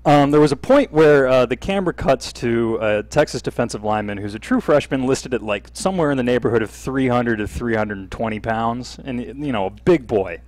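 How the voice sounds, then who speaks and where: A man co-hosting a live sports chat show, easygoing and quick to laugh. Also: mid-range voice, darkish tone, no room sound, rough recording. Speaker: podcast co-host. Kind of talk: casual chat.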